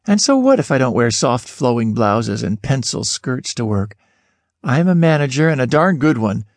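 In a studio booth, a man reads an audiobook told in the first person, miked close. He's expressive, and his pitch jumps sharply whenever he asks a question. He keeps a normal speed, and the recording is dry.

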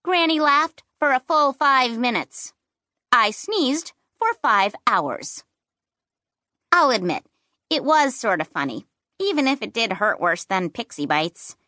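A woman narrating a children's fantasy book in first person, with playful and expressive storytelling. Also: a little high, slow pace, no echo, clean studio sound. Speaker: audiobook narrator.

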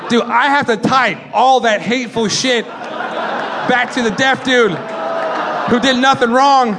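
Young male stand-up comic, high voice, rambling and profane, live club recording with a rowdy crowd behind him. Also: fairly even intonation, slow pace, background noise. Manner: rambling, profane, laughing at his own jokes. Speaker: stand-up comedian. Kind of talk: stand-up comedy set. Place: comedy club stage. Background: audience laughter and chatter.

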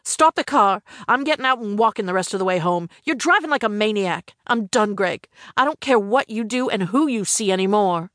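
A woman's voice: medium pitch, expressive, normal speed, hardly any pauses, no echo, clean studio sound, lightly acted. A woman voicing a young woman in an audiobook who speaks sharply and insistently. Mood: angry, defiant. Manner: sharp and insistent, rising to shouts. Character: young woman, defiant then terrified. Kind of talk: audiobook character voice.

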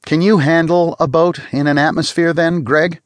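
A man voicing a cocky, brightly smiling young male spacer. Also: medium pitch, animated, normal speed, no room sound, natural voice. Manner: bright, challenging.

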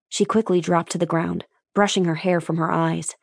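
A woman with a lowish voice reads a suspense audiobook in a steady, measured way. The recording is close and very dry, with no room sound at all. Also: vocal fry, no echo. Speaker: audiobook narrator. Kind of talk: scripted narration.

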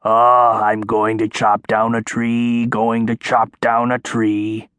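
A man voicing a huge, angry female troll who booms slowly and menacingly. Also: monotone, a bit bright, no room sound. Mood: muttering. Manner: booming, slow and menacing.

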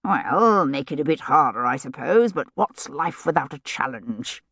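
A woman's voice: sits low, lively intonation, measured pace, a bit bright, breathy edge, dry recording, studio quality, full character voice. A woman voicing a short, cocky young lieutenant who speaks with mock dignity.

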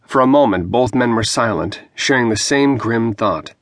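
A man narrating a fantasy novel in a measured, even storytelling manner on a close studio mic. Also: medium pitch, dry recording. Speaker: audiobook narrator. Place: dry recording booth.

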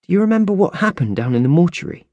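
A man's voice: sits high, sing-song, quick pace, dark tone, no room sound, lo-fi sound, pitched above the performer's own voice. A man voicing an earnest young girl who presses her questions urgently.

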